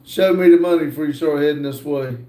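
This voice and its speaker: An older man hosting a livestream, reading viewer comments aloud and answering in a relaxed, casual way. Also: a little high, roomy sound. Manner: slow, laid-back reading of comments aloud. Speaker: livestream host reading chat.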